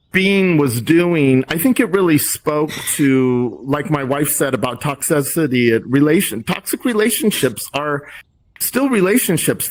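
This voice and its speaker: A middle-aged man talking in a casual group discussion, thoughtful and rambling with many restarts. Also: on the high side. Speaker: discussion host.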